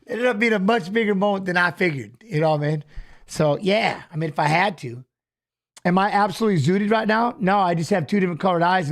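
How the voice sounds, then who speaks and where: A middle-aged man, a retired fighter co-hosting a casual watch-along, telling stories animatedly and repeating phrases. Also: sits high.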